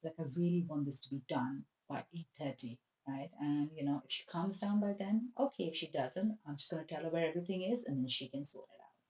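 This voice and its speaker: A woman who works as a life coach, telling a personal story in a chatty, expressive way and acting out her own thoughts. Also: low-pitched, fairly quick, hardly any pauses. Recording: roomy, distant, dull sound.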